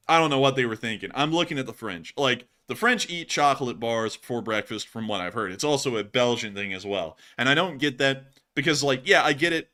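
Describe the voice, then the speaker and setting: Bright-voiced, laughing American commentary host. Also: male voice, mid-range voice. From United States. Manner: chatty, laughs often, drawn-out asides. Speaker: war news commentary host. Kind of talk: casual co-hosted commentary.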